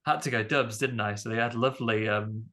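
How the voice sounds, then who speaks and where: A man co-hosts a casual film podcast, riffing on scenes with quick comic asides. His voice is bright and sharp at a middle pitch. The talk is loose and playful. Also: steady tone. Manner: jokey, riffs with comic asides. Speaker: podcast co-host.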